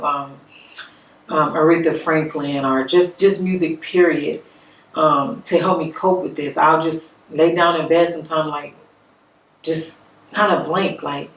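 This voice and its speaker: A woman's voice: deep voice, fairly bright tone. A woman talking straight to her own vlog, earnest and reflective, often stopping and repeating words as she works through her thoughts. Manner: halting, with frequent restarts and repeated words. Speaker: vlogger. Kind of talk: personal vlog talk. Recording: echoey room, voice from a distance.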